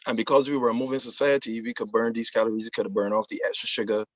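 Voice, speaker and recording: A man's voice: mid-range voice, steady tone, fast talker, dry recording, low-quality recording. A man from Barbados with a Barbadian accent, speaking as a debate guest who lays out his argument earnestly and adds fillers along the way.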